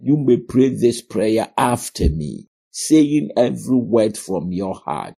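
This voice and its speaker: A man's voice: medium pitch, big pitch swings, takes it slowly, creaky, mellow, breathy edge. A middle-aged man preaching a sermon, earnest and repetitive, calling his listeners "my friend". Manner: earnest, repeats phrases, addresses listeners as "my friend".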